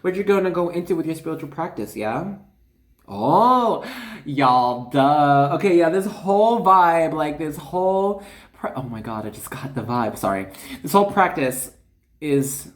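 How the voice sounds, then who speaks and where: Excitable, chatty tarot reader in an echoey room. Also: medium pitch, a little slow. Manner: excitable, chatty, full of fillers and asides. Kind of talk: casual spiritual card reading.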